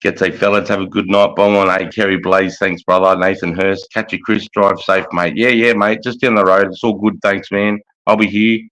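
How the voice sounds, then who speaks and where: A man's voice: low voice, level tone, moderate pace, few pauses, a bit bright, rough recording. An Australian man hosting a livestream chat, laid-back, matey and swearing freely. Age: adult with a young son. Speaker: livestream host.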